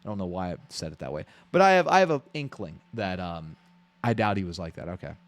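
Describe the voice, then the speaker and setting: A man's voice: low-pitched, big pitch swings, fast, dry recording. Profane, rambling male streamer. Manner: blunt, profane, rambling rant with frequent restarts. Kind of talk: live stream reaction commentary.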